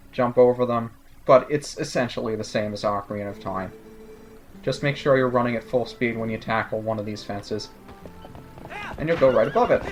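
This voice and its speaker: A man giving casual, sarcastic commentary over a video game playthrough. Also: mid-range voice. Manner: sarcastic, joking asides. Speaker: let's play commentator.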